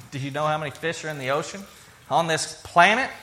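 A man's voice: fairly high pitch, normal speed, pushed and bright. A man preaching a sermon in a conversational way, acting out quoted lines and often restarting his sentences. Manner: stumbling restarts and fillers. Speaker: pastor.

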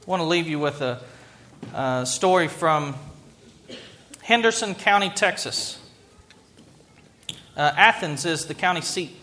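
A man's voice: high voice, pushed and bright. A middle-aged man preaching a sermon, earnest and emphatic, driving points home by repetition. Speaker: pastor.

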